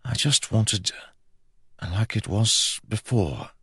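A man's voice: medium pitch, big pitch swings, takes it slowly, vocal fry, no room sound, studio quality, voice pushed up, exaggerated voice. A man voicing a drunk young prince who talks in a groggy, petulant way. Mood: remorseful. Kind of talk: audiobook character voice.

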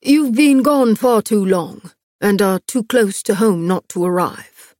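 A woman voicing a wry male companion who speaks gently but in warning. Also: medium pitch, expressive, measured pace, dry recording, clean studio sound, natural voice. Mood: cautioning.

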